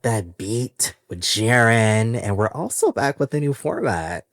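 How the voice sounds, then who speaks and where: A man hosting his own music podcast in a casual, animated, chatty way, laughing often and using easy slang. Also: medium pitch, unhurried, hardly any pauses, no room sound, studio quality. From San Francisco Bay Area. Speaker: podcast host. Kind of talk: casual solo podcast chat.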